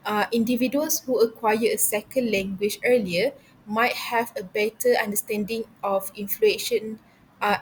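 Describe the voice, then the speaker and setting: A young woman delivers an academic class presentation at an everyday mid pitch. She hesitates often, restarting phrases and filling gaps as she works through her material. A faint background hiss sits under her voice. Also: rough recording. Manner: hesitant, with frequent fillers and restarts. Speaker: university student presenter.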